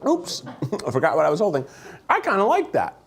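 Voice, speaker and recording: A man's voice: sits high, wildly swooping pitch. A man hosting a casual food-tasting chat, joking and rambling and laughing easily between bites. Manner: jokey, rambling, quick to laugh. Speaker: host. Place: studio set with food conveyor belt.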